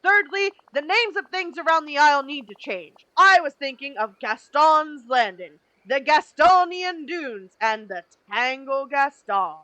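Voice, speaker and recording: A woman voicing a boastful, vain male hunter from a video game as she reads his dialogue aloud, making loud and pompous demands. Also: high voice, animated, a little slow, hardly any pauses, no echo, voice pushed up, exaggerated voice, rough recording.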